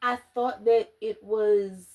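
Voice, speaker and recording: A woman chatting casually in a book review vlog, animated and slangy, dramatic and often laughing. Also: medium pitch, slow. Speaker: book vlogger.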